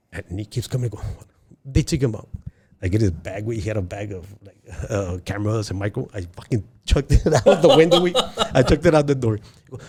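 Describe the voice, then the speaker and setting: A man's voice: lowish voice, a little fast, breathy edge. A man from El Paso, a guest comedian, tells stories in a casual podcast chat. He swears freely, acts out the scenes he describes, and slips into Spanish. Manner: profane, animated, slips into Spanish.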